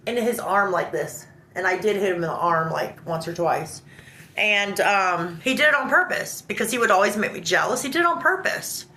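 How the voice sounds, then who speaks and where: A woman telling a personal story in an animated, indignant way, acting out the dialogue. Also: mid-range voice. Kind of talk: emotional storytelling. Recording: roomy echo.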